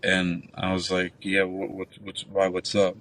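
A nightclub bouncer with a low voice calls in to casual chat and tells a long, profane story, speaking a little slowly and sounding distant from the mic. His retelling is rambling and animated.

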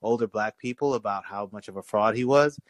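A young man calling in to a podcast, talking casually in a rambling way, with frequent restarts and animated storytelling. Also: fairly low pitch, a little fast, no room sound, low-quality recording. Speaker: caller. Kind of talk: casual call-in chat.

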